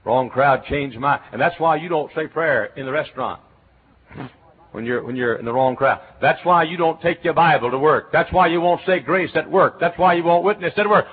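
A middle-aged man from Texas with a Texan accent, preaching a sermon as a pastor, telling stories and breaking into shouts. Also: medium pitch, normal speed. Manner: animated storytelling, bursts into shouts and chants. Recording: tinny phone-like recording.

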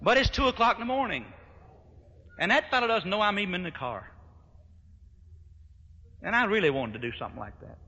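A man preaching a sermon, telling a folksy story in an animated way as an old-fashioned gospel pastor. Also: high-pitched, fairly quick, pauses often, breathy edge. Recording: echoey hall, dull lo-fi sound.

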